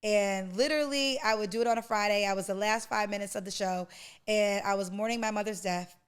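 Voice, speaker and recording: A woman's voice: mid-range voice, fairly even intonation, a little fast, clean tone. A woman in her forties, a podcast host, giving an emotional, preacher-like personal testimony and calling the listener honey and baby. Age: 40s.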